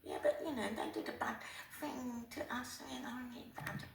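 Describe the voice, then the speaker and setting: A woman's voice: fairly high pitch, fairly even intonation, vocal fry, echoey room, a little hiss or hum, voice pushed up. Woman mocking a sarcastic British comedian. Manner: mocking, hesitant, drawn-out murmurs.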